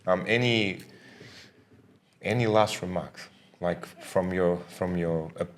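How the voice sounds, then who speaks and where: A man's voice: low-pitched, takes it slowly, a little hiss or hum. A man co-hosting a teachers' podcast, chatting casually and loosely. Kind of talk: casual chat.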